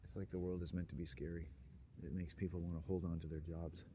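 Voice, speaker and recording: A man's voice: deep voice, flat delivery, fast, darkish tone, a little hiss or hum. A man talking in a rambling, sardonic monologue, often laughing at his own jokes. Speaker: monologue speaker.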